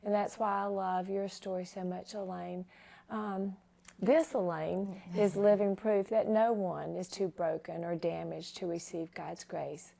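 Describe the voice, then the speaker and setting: A woman's voice: lowish voice, steady tone, a little slow, vocal fry, mellow. Woman, talk show host, faith interview, tearful, emotional. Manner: emotional, tearful while honoring her guest.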